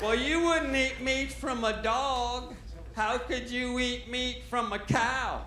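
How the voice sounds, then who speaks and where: A man's voice: extremely high pitch, fairly even intonation, slow pace, echoey room, background noise. A man voicing a preachy vegetarian who scolds someone for eating steak, in a stand-up routine.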